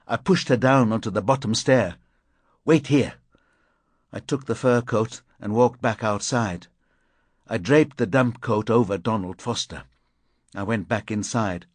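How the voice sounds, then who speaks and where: A man reading a crime thriller audiobook in measured, grim first-person narration. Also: on the low side, no echo. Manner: measured, grim, deliberate delivery.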